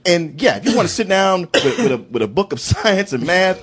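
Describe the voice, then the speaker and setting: A man's voice: high-pitched, big pitch swings, fairly quick, a bit bright, slight background noise. A man hosting a casual film review chat, talking animatedly and acting out characters' lines in quoted voices. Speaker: film review podcast host.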